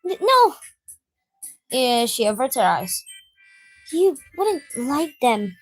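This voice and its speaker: A man voicing a feisty, defensive teenage girl in a visual novel game, pushing his voice high and snapping out his lines. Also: very animated, slow, dry recording, faint music behind, heavily acted.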